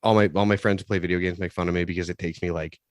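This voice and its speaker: Male podcast co-host, lowish and dry, halting and profane, loose casual talk. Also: level tone, dry recording. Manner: rambling, halting restarts, profane. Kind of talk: casual chat.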